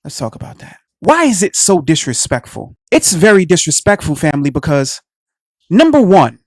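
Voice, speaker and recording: An impassioned radio host preaches through a solo commentary, calling the listeners family and hammering each point home by repeating it. The pitch swings up and down constantly as the talk rises and falls. The recording is close and dry. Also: sing-song, moderate pace, darkish tone, no room sound. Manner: repeats phrases for emphasis, asks rhetorical questions.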